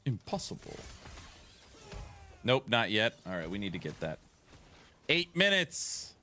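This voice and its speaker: Playful, slow-talking male streamer. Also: on the low side, sing-song, sharp tone, a little hiss or hum. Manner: playful, teasing, talks back to chat. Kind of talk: casual live-stream chat.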